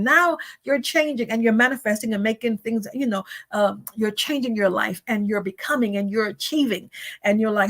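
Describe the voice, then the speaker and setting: A woman's voice: a little high, moderate pace. A woman preaching a sermon in a conversational way, repeating phrases and asking rhetorical questions.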